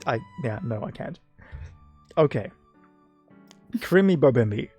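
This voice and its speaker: A man's voice: medium pitch, animated, a little slow, darkish tone, soft background music. A man hosting a casual live stream chat with a guest, rambling and teasing with lots of filler words.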